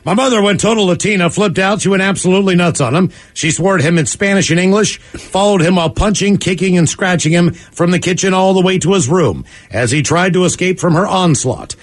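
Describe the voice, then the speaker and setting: A man with a somewhat high voice hosts a radio show and reads listener emails out loud. His delivery is lively and conversational, with quick asides between the stories. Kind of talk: reading listener emails on air.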